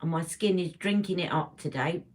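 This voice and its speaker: A woman's voice: on the low side, moderate pace, darkish tone, a little hiss or hum. Chatty woman greeting livestream viewers. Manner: chatty, greets viewers by name mid-sentence. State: emotional, close to tears. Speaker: beauty livestream host. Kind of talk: casual livestream chat with viewers.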